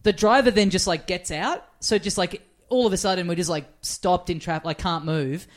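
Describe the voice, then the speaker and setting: Australian man, comedy podcast co-host, casual storytelling, swears freely, animated. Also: high voice, moderate pace.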